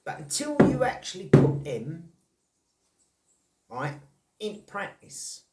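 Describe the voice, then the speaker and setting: A man's voice: high voice, big pitch swings, takes it slowly, a little mellow. Blunt man, roomy and distant. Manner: rambling, blunt, swears, laughs in disbelief. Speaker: vlogger on snaring and trapping. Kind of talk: casual chat to camera.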